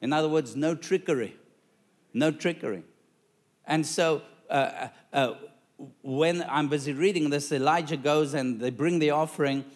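A male preacher telling a story in a sermon, dramatic and lively, calling out to the congregation for responses. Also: on the high side, normal speed.

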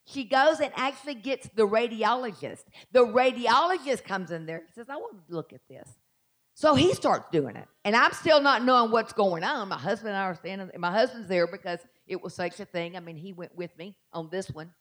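Southern woman preaching a bright sermon. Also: fairly high pitch. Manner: testimony storytelling, rising to shouted exhortation.

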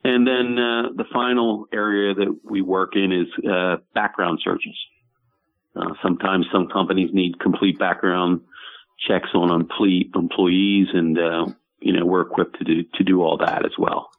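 A low, gravelly man on a tinny phone line, appearing as a radio guest. He speaks plainly and hesitantly, pausing often. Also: little pitch movement. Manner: plain, hesitant, full of uhs. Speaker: private investigator guest.

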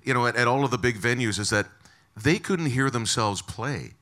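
A man's voice: mid-range voice, normal speed, bright, forceful tone. A man hosting an interview, asking prompting questions in a casual way and often repeating words as he starts sentences. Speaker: interview host.

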